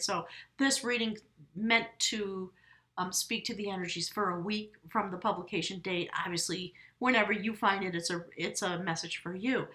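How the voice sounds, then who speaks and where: A woman with a medium-pitched, fairly bright voice gives a casual spoken tarot reading. Effusive and rambling, she talks straight to her viewers and keeps correcting herself mid-sentence.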